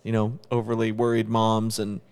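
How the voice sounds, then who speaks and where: A man's voice: lowish voice, completely flat delivery, moderate pace, darkish tone, clear, resonant tone. A man co-hosting a podcast in casual chat, giving opinions and restarting words as he thinks. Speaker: podcast co-host.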